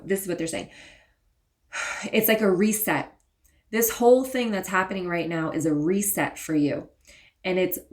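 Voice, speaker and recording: A woman doing a spiritual tarot reading, talking casually and earnestly to her viewers and sometimes pleading with them. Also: lowish voice. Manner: earnest, pleading, gets emotional at times. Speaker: tarot reader and spiritual channel.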